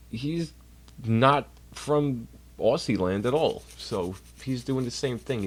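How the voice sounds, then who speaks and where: Low-voiced man rambling on stream. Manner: profane, rambling, talks while doing chores. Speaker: livestreamer. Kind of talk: casual rambling stream chat. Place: at home. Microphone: computer mic while streaming.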